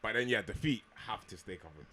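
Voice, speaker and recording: A man's voice: fairly low pitch, expressive, fast, bright, forceful tone, slight background noise. A young man, co-hosting a podcast, rambling and laughing in casual chat. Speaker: podcast co-host.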